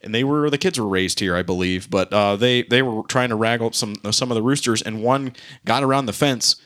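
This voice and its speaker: A man chatting casually on a podcast over beers, talking quickly and circling back through his sentences. He rambles along with plenty of restarts and loose asides. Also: mid-range voice, fairly bright tone. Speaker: podcast co-host.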